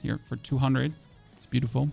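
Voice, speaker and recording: A man's voice: medium pitch, steady tone, moderate pace, vocal fry, warm tone, husky, faint music behind. A man whose first language is German, chatting loosely with his stream audience as a game streamer, rambling and poking fun at himself. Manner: rambling, chatty, self-mocking, with restarts. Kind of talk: casual chat with live chat.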